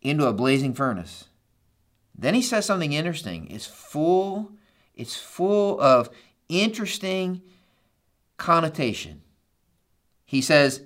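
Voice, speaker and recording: A man preaching a sermon in a high, lively voice. He tells the story with animation and acts out each quoted line. He checks in with the congregation with a frequent "right?". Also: measured pace, pauses often. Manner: asks the listeners "right?" often. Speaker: pastor.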